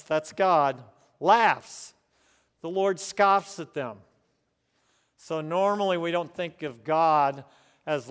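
A man from the United States preaching a sermon to his congregation in earnest, often chuckling and slowing down to stress key words. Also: fairly high pitch, clean tone, in a large hall. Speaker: pastor. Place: church room with congregation.

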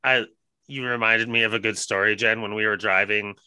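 A man's voice: fairly low pitch, steady tone, brisk, pushed and bright, clean tone, no echo, low-quality recording. A young man in casual podcast chat, telling stories wryly and swearing casually. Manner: wry storytelling, swears casually.

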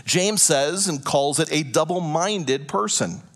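High-voiced man preaching earnestly. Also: fairly bright tone. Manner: earnest preaching with dramatic pauses, voicing imagined prayers. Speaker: pastor. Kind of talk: sermon. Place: church hall before a congregation.

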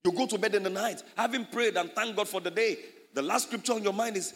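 A man preaching an animated sermon as a pastor, his voice rising loud on key points. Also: high-pitched, fast, vocal fry, few pauses, long reverb tail.

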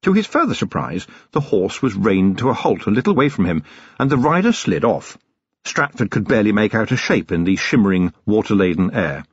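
A man reading an audiobook aloud in an expressive, scripted narration. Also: fairly low pitch, brisk, slightly rough, no room sound, highs cut off.

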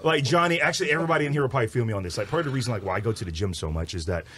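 A man in his late thirties from Texas, chatting casually on a podcast in an animated, rambling way with many restarts. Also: mid-range voice, racing, breathy edge. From Texas, USA. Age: 30s. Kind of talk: casual chat.

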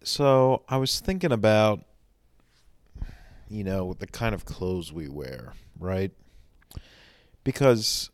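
A man's voice: sits low, clean tone, no room sound, studio quality. A man in a rambling comedy monologue, talking to his audience in a mock-soothing, sarcastic way, full of restarts.

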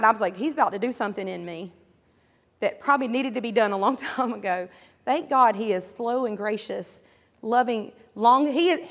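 A high-pitched woman preaches, her voice sitting well above the usual. She drives her points with call-and-response cries and slips into the voices of imagined believers and coworkers. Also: big-room sound. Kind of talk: sermon.

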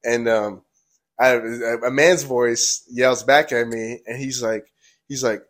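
A man's voice: mid-range voice, fairly even intonation, takes it slowly, fairly bright tone. A young man, a podcast host, telling a story casually with many "like"s and acted quotes. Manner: rambling, many "like"s, acts out quotes.

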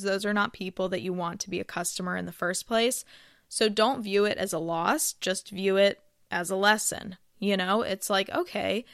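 Smooth-voiced woman giving casual advice. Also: mid-range voice, a bit bright, dry recording, studio quality. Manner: chatty, uses filler phrases. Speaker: podcast host.

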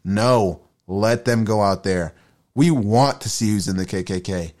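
A man's voice: lowish voice, measured pace, darkish tone. A young man hosting a solo podcast, rambling through his opinions with frequent swearing and self-deprecating asides. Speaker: podcast host.

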